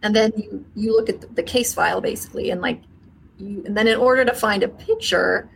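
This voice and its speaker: A woman's voice: medium pitch, a little fast, creaky, a little hiss or hum, poor audio. A woman, a forensic scientist and podcast guest, explaining her work in chatty, casual talk full of "like" fillers.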